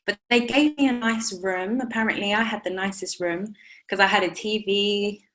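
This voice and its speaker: A young woman in an interview, telling her own story in a halting way with many restarts. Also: mid-range voice, fairly bright tone. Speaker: interview guest, new mother. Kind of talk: emotional personal interview.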